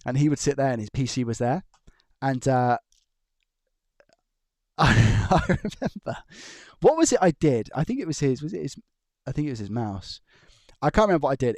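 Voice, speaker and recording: This clip features a man of medium pitch and somewhat dark tone, speaking on his electronics repair live stream from home. He chats loosely, chuckling as he tells stories and restarts sentences, with clean studio sound and no echo.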